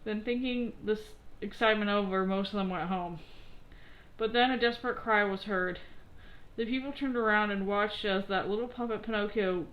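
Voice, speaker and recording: A woman reading a children's story aloud in a gentle, expressive way, with occasional slips. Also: medium pitch, moderate pace, dull audio.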